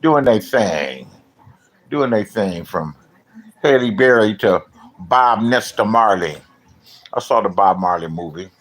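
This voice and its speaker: A middle-aged man from Los Angeles giving casual livestream commentary, rambling and profane, often swinging into loud rants. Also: lowish voice, animated, takes it slowly, long pauses, low-quality recording. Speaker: vlogger.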